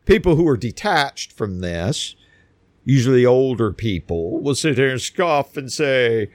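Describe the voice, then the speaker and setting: A man holds forth in an emphatic monologue, his somewhat high voice swinging up and down as he stacks points and repeats words. The sound is dry and close. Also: very animated, normal speed, dry recording. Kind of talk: opinion monologue.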